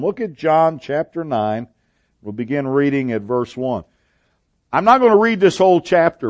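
Slow-preaching man, dry close sound. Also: a little high, a little mellow, no room sound. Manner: measured preaching with hesitant restarts. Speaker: pastor. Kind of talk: sermon.

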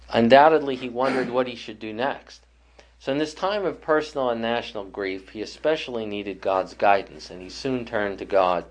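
A man teaching a Bible study group, voice sitting at an ordinary middle pitch. He talks things through thoughtfully, often stopping and restarting a phrase. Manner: thoughtful, with frequent restarts and pauses. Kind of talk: leading a Bible study class.

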